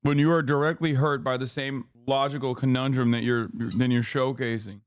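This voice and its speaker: A man's voice: medium pitch, steady tone, normal speed, clear, resonant tone, no echo. Sarcastic man streamer, dry close mic. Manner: sarcastic, mocking, acts out mock voices. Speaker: streamer reacting to a news clip. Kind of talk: casual livestream commentary.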